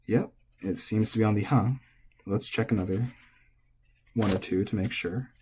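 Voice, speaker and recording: Relaxed male teacher with a low, mellow voice, explaining casually and correcting himself mid-thought. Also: moderate pace, a little hiss or hum. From United States. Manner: relaxed, thinking aloud, self-correcting. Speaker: language teacher.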